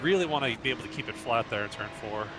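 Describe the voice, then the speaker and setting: A man's voice: medium pitch, expressive, very fast. Man giving terse driving instructions over engine noise. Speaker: racing driver and coach. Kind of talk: live-stream driving commentary. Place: sim racing club, indoors.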